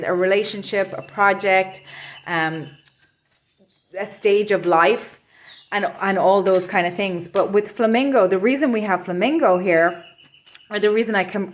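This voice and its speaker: A woman giving an intuitive tarot reading to camera from her home office, talking in a soft, meandering, reflective way. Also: medium pitch, a little hiss or hum. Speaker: tarot reader.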